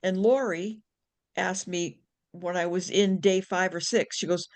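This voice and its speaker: A woman nurse chatting on a video call with friends, animated, acting out inner voices, with many restarts and casual swearing. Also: fairly low pitch, measured pace. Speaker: nurse, book club member.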